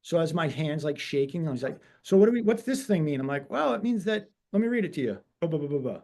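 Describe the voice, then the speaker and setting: A man in his forties, a real estate broker, telling animated stories on a webinar interview and acting out the dialogue. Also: fairly high pitch, fast talker.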